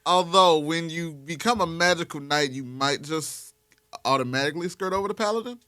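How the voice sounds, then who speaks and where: A man's voice: fairly high pitch, brisk, sharp tone. A man co-hosting a comedy podcast, bantering and slipping into a put-on London accent for laughs. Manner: jokey, drops mock cockney bits. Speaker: podcast co-host.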